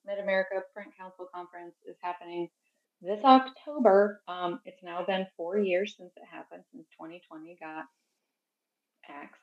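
Chatty low-voiced woman co-host. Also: moderate pace, dull audio. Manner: chatty, rambling with fillers. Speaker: podcast co-host. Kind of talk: casual chat.

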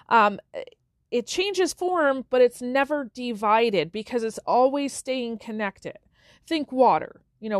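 A woman's voice: on the high side, dry recording, studio quality. A woman hosting a self-help podcast, talking casually and checking in with listeners with frequent "okay?" and "right?". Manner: conversational, with everyday examples. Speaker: podcast host.

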